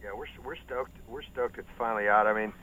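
A man guesting by phone on a radio show, talking in a relaxed, slangy way. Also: lowish voice, fairly quick, low-quality recording. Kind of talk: casual phone interview.

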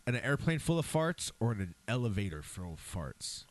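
Man with a very animated pitch, dry sound. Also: moderate pace, dry recording. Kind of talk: casual chat.

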